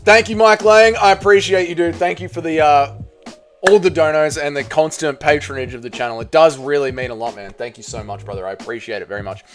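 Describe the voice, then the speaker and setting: A man hosting a casual livestream, reading chat aloud, swearing often and excitedly thanking donors. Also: on the high side, brisk, music in the background. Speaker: livestream host.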